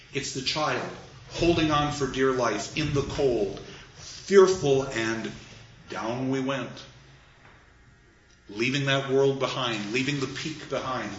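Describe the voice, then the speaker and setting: Animated male lecturer in a roomy space. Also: medium pitch, a little hiss or hum. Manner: animated, rhetorical questions, dramatic emphasis, drops to a hush for readings. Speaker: lecturer on poetry. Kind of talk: lively literature lecture. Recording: roomy, dull lo-fi recording.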